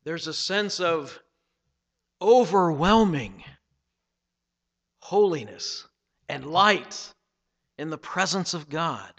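A man preaching a sermon, reading scripture dramatically and swinging between loud passages and hushed ones. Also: on the high side, animated, slow pace, long pauses, big-room sound. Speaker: pastor.

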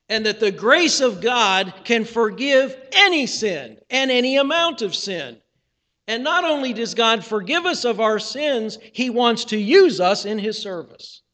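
A man preaches with a fairly high voice, earnest and conversational, slipping into voiced quotes as he tells the story. His words ring out with a long reverberation through a church sanctuary. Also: a bit bright. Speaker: pastor. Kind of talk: sermon.

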